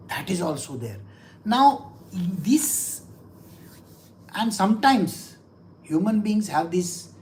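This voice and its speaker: Her voice medium in pitch and a little mellow, a woman spiritual teacher walks listeners through scripture. Along the way she asks rhetorical questions, repeats phrases to stress them, and acts out brief quoted dialogues.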